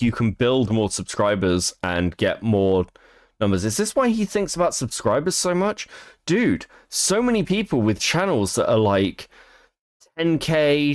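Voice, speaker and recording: A young man talks loosely over a video he is reacting to, swearing and laughing between remarks. His pitch swoops and jumps as he speaks. The sound is dry and close to the mic. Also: dry recording. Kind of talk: casual reaction commentary.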